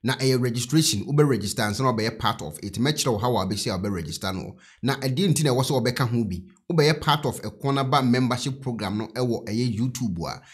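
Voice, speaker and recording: A Ghanaian man with a Ghanaian accent addresses his viewers as channel host. His voice is husky and sits at a middle pitch. He explains things plainly, one step at a time. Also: quick pace, few pauses.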